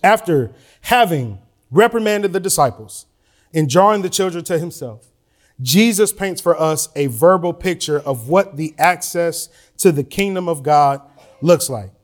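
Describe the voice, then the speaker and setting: A man preaching a sermon to his church, moving between relaxed asides and rising emotional emphasis. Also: on the high side, a little slow. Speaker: pastor. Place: church sanctuary.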